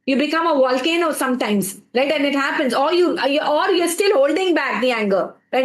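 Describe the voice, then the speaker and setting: A woman's voice: sits high, animated, normal speed, few pauses, echoey room, rough recording. A woman with an Indian English accent, coaching a live stream audience and often asking the chat to reply, slipping Hindi phrases into her English. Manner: asks the chat for replies over and over. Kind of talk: motivational live stream talk.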